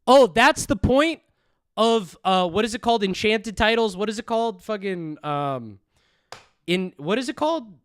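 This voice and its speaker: A man's voice: sits high, animated, normal speed, clean tone, dry recording, studio quality. A man hosting a reaction video, ranting with heated profanity and mocking the clips he plays. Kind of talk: profane angry rant.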